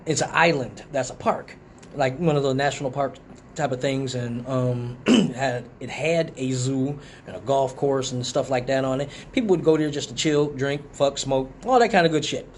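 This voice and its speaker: There's a little hiss or hum as a Detroit man tells a casual, profanity-laced story over a live stream at a moderate pace. He's animated, using a higher voice when acting out the quotes.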